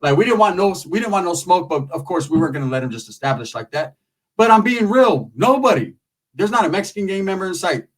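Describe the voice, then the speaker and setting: A man telling a comic story in loose, streetwise talk full of cursing, his pitch swinging high and low as he goes. His voice sits slightly high for a man. He sounds set back from the microphone. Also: expressive, quick pace, recorded from a distance. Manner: streetwise, profane, conversational.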